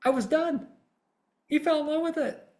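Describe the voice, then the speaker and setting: A man's voice: very high voice, moderate pace, darkish tone. A middle-aged man, a trial consultant, telling a story in podcast talk and acting out how he would address jurors. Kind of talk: podcast talk acting out a voir dire example.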